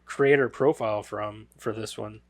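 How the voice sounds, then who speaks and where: A man's voice: lowish voice, fairly even intonation, normal speed, a crowd in the background. A man hosting a podcast in casual chat, joking and laughing easily. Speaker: podcast host.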